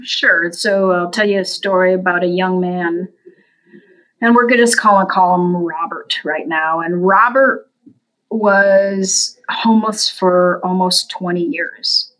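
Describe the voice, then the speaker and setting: A woman telling a story as a guest in an interview, in an earnest, unhurried way, livening it up when she quotes people. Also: poor audio. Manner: animated, voices the people in her story with big pitch jumps. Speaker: guest from a veterans' services group.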